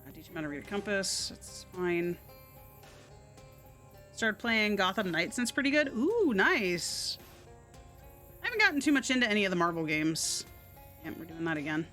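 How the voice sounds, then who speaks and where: A woman's voice: medium pitch, very animated, a little slow, long pauses, sharp tone, soft background music. A woman streaming a video game live, chatting and muttering to herself with a casual, loose delivery.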